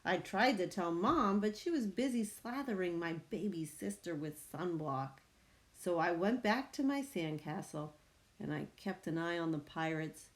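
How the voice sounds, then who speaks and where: A woman reading a children's picture book aloud, with slow, expressive storytelling. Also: lowish voice. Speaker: reader.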